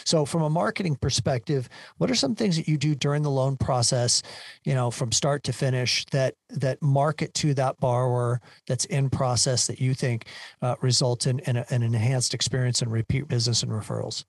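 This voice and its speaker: A man's voice: medium pitch, normal speed, creaky, dry recording. A man hosting a business podcast, earnest and emphatic, asking long framing questions. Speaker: podcast host. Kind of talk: interview hosting.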